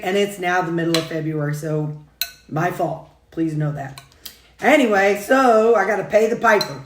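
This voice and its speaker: A woman's voice: lowish voice, normal speed, background noise. A woman, chatting casually as a food vlogger while she eats, in a folksy, rambling way with frequent chuckles. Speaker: food and weight-loss vlogger. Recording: echoey room.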